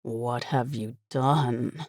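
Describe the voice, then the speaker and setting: A woman reading a bewildered husband's lines in a low, confused, then quietly despairing voice. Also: very animated, measured pace, no echo, studio quality. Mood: grim. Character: bewildered middle-aged husband, turning grim.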